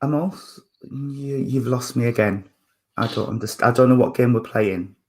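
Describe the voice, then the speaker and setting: A spiritualist medium gives a demonstration during a church service, speaking in a gentle, mid-pitched male voice. He halts and restarts often, fills gaps with ums, apologizes, and chuckles as he goes.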